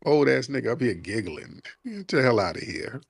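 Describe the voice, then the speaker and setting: A man's voice: medium pitch, very animated, normal speed, gravelly, husky, dry recording. A man hosting a live call-in show, brash and profane, teasing callers with laughter. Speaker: show host.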